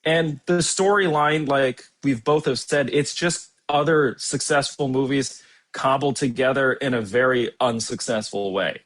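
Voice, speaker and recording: A man's voice: medium pitch, a little slow, a bit bright. A young man co-hosting a movie review show, mocking and sarcastic, swearing often in casual chat. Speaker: co-host.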